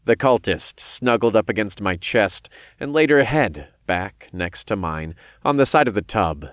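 A man reading a first-person story aloud in a calm, measured way. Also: lowish voice, no echo, studio quality. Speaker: narrator.

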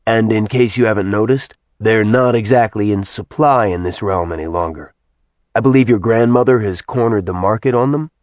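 A world-weary ancient god, as a male reader puts him on, deadpan and dry in a low voice. The lines land flatly, unimpressed. The recording is close and dry. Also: moderate pace, no room sound, lightly acted.

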